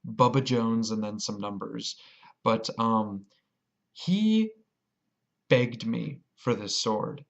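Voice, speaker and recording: A man telling a rambling, excited story about a game in a casual vlog. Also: on the low side, slow pace, vocal fry, long pauses, highs cut off. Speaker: vlogger.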